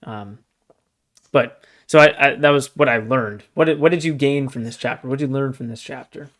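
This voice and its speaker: A young man co-hosting a book podcast, talking in a chatty, animated way and often saying "dude" and "like". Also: mid-range voice, moderate pace. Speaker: podcast co-host. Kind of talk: casual book discussion.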